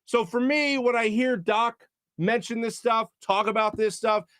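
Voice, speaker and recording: A man's voice: extremely high pitch, fairly even intonation, a little slow, a bit bright, no echo, clean studio sound. A man hosting a sports talk show, ranting in a heated, exasperated way and often mimicking other people. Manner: heated, exasperated, quotes people in mock voices. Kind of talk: opinionated sports talk rant.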